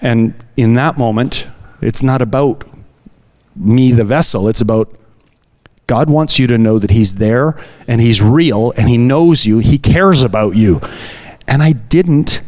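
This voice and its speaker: A man telling testimony stories at a church service, animated, acting out the dialogue as he goes. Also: medium pitch, unhurried. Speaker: guest sharing testimonies.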